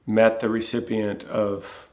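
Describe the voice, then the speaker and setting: A man's voice: lowish voice, monotone, slow. A man co-hosting a casual chat, reading passages from a book aloud, earnest and easily moved. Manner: earnest, gets emotional. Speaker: co-host.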